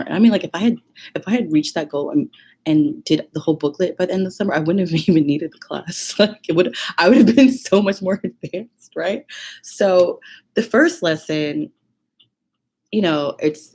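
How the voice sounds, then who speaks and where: A woman with a fairly low voice tells a story casually to camera. She is animated and leans on fillers, often laughing mid-sentence. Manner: animated, many fillers, laughs while talking. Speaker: vlogger.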